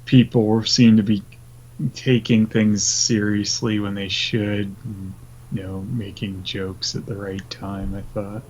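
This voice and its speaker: Slow-talking, laid-back man co-hosting. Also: lowish voice, level tone, darkish tone, slight background noise, poor audio. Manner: laid-back, agreeable, crude jokes. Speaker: podcast co-host. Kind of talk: casual chat.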